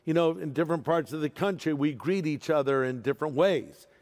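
A man preaching a sermon as pastor, animated and playful with humorous asides. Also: on the high side, a little fast. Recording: long reverb of a large hall.

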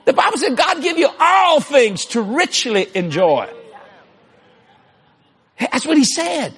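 A man preaching a sermon in an animated way, often shouting and laughing. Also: extremely high pitch, slow.

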